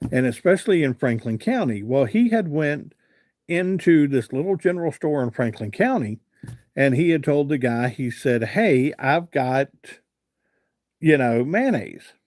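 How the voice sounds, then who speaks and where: This fairly high-pitched, slightly mellow male voice comes through clean, with no echo, like a studio recording. He's a live-stream host from Virginia, USA, rambling through folksy stories in casual chat, reading out viewer comments and answering them.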